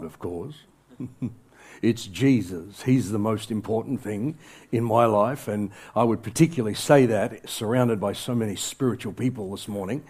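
With a medium-pitched, darkish voice, a male pastor delivers a fervent sermon to his congregation in the church sanctuary, his emphasis rising and falling.

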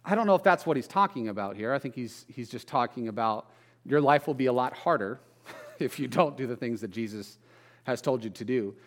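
A middle-aged pastor preaching in a conversational way, mixing scripture with folksy family stories and self-deprecating asides. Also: male voice, mid-range voice, lively intonation, fairly quick. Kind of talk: conversational sermon.

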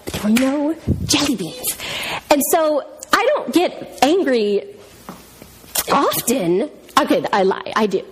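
Taking it slowly, a woman whose voice sits high and is very animated gives a church talk over slight background noise. In her thirties or forties, she tells a story sermon-style, poking fun at herself, chatting freely and laughing a lot.

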